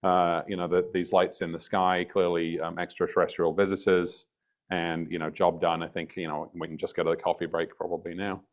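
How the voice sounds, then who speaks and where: Deep-voiced man lecturing wryly. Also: little pitch movement, brisk. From UK, near Liverpool. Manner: dry, wry humor, many ums and uhs. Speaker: guest speaker. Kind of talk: public science lecture.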